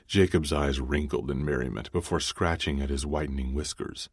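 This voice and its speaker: A man narrating a first-person romance audiobook in a measured, dry manner. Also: very deep voice, fairly even intonation, creaky, husky, no room sound.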